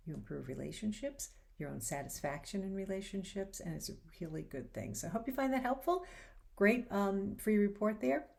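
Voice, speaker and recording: A woman with a slightly low voice hosts a faith-based advice show. She talks in a relaxed, chatty way and slips into acted-out lines with lively changes of tone. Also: gravelly. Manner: animated, acts out quoted lines. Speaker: host. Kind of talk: casual advice talk.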